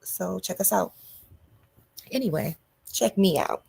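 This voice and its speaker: A woman hosting a podcast, delivering a loud, animated comedic monologue to her listeners. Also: lowish voice, a little slow, gravelly. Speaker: podcast host.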